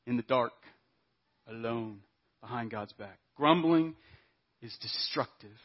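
A man preaching a sermon as a pastor, emphatic and then dropping to hushed asides. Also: medium pitch, slow pace, highs cut off. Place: church.

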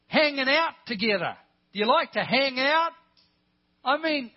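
A man's voice: sits high, breathy edge. An older man preaching a sermon at a church service, emphatic and full of rhetorical questions and joking asides. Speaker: pastor. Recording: dull lo-fi sermon recording.

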